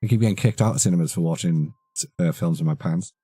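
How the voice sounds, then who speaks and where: A man's voice: deep voice, fast, dark tone, breathy edge, no room sound, studio quality, faint music behind. A man in his thirties, chatting casually and rambling on a live stream, swearing casually.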